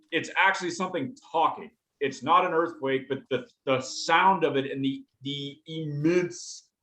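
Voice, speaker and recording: Slow-talking man running a tabletop game. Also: on the high side, a bit bright. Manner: halting, many fillers. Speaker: game master. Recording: roomy echo.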